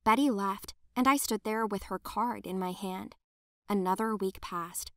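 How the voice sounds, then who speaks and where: Dramatic woman narrating an animated story. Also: medium pitch, a little slow, dry recording, studio quality. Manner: emotional, dramatic.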